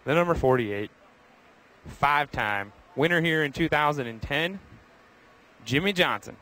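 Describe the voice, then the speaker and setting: A man's voice: a little high, lively intonation, unhurried, bright, forceful tone, slight background noise, low-quality recording. A young man hosting a live walking tour of a racetrack garage, chatty and upbeat, speaking to viewers by name while he walks outdoors. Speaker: host.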